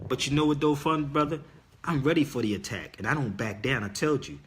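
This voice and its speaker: A man's voice: mid-range voice, fairly quick, a bit bright, slight background noise. A middle-aged man hosting a livestream, talking straight to his viewers in an emphatic, insistent way and repeating his key words like a sermon. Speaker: livestream host. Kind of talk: casual preaching monologue to viewers.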